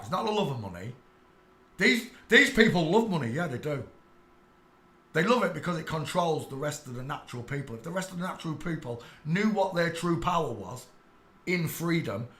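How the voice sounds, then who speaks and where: Irate sweary English preacher man, bright. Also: on the high side, roomy sound. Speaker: live stream host. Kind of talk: solo live-stream rant to chat.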